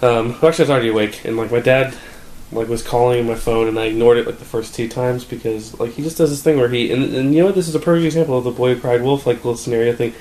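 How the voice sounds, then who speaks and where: A man's voice: medium pitch, steady tone, fast, a little mellow. A young man casually telling a rambling story, full of fillers and swearing. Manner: rambling, filler-heavy, profane. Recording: echoey room, faint background noise.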